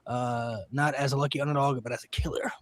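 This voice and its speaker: A man hosting a casual podcast, reading a list aloud with lots of "uh" fillers and excited outbursts. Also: mid-range voice, quick pace, dry recording. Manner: excitable, filler-heavy, many "uh"s. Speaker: podcast host.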